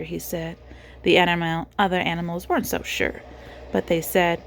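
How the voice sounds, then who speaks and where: A woman reading a picture book aloud to a child in a gentle, animated way, pausing to ask the child questions. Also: fairly low pitch, slight background noise. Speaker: reader of children's books.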